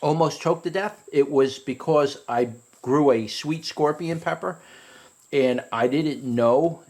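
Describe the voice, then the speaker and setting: A man giving a casual, rambling review of a hot pepper, often restarting his sentences and climbing higher when he retells a story. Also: takes it slowly, a little mellow.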